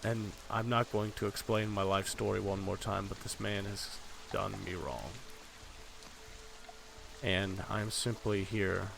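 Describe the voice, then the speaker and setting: A man's voice: fairly low pitch, fairly even intonation, unhurried, gravelly, noisy background. A man doing a coldly polite menacing stranger. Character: menacing powerful man who wants what he's owed.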